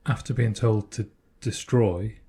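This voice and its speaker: Low husky-voiced man. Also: fairly even intonation, a little slow, warm tone. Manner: speculative, reasons things through step by step. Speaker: podcast co-host. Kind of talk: casual chat.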